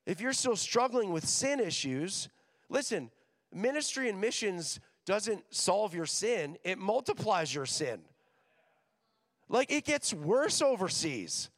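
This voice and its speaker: A young man preaching to students, energetic and joking, acting out voices in his stories. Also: sits high, slow pace. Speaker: missions director speaking at a school chapel. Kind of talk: sermon. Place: large hall with an audience. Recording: long hall reverb.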